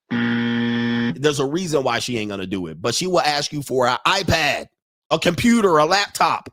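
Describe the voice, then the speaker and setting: A man's voice: fairly high pitch, expressive, normal speed, fairly bright tone, no room sound, studio quality. A man hosting a livestream, giving a profane, mocking rant and often laughing at his own points. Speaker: host of a dating and lifestyle livestream.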